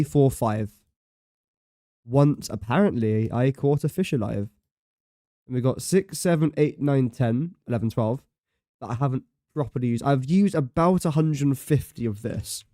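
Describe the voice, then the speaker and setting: A man's voice: medium pitch, warm tone, no room sound, studio quality. A man streaming a building game, chatting casually and thinking aloud as he counts, does sums and teases himself. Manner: thinks aloud, counts and does sums under his breath, self-mocking. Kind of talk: casual live-stream commentary.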